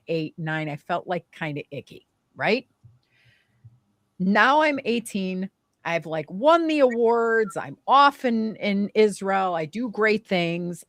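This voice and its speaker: A young adult woman telling a painful personal story in conversation, emotional and animated, with many fillers. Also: fairly low pitch, no room sound, clean studio sound. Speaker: guest.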